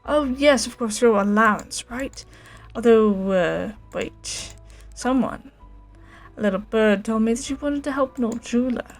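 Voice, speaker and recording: A woman's voice: on the high side, a little slow, soft background music. A woman voicing a haughty, scheming middle-aged male noble who talks down to his ward, reading game dialogue aloud. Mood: smug. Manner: smug, condescending.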